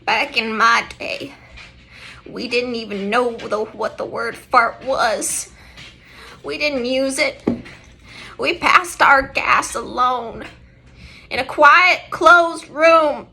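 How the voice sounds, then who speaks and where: A woman's voice: fairly high pitch, slow, gravelly, pauses often, bright, forceful tone, exaggerated voice. A woman voicing a prim, disapproving old woman from an amateur comedy sketch, who talks in a prissy, scolding way.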